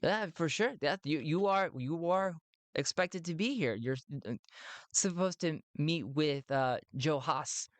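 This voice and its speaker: A man's voice: fairly high pitch, unhurried, dry recording, lightly acted. A man voicing a casual male security guard who waves someone through. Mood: breezy.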